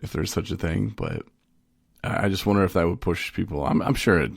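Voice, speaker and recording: A man's voice: deep voice, fairly quick, gravelly, dry recording, studio quality. A man co-hosting a casual podcast about recovery, joking and rambling, often cutting himself off mid-thought. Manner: joking, rambling, self-interrupting. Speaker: podcast co-host.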